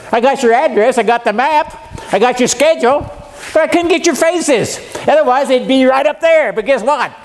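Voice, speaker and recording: An older man in his seventies preaches a seminar lesson in a church. His voice sits high for a man, and he talks in a folksy, joking way, throwing questions out to the listeners. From USA. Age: 70s. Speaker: guest preacher. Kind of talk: seminar sermon. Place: church meeting room.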